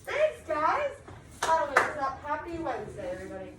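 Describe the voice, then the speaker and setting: A woman's voice: high voice, wildly swooping pitch, brisk, far from the mic. A young woman teaching a class, upbeat and encouraging as she explains step by step. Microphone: far camera. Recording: echoey classroom recorded from afar, background noise.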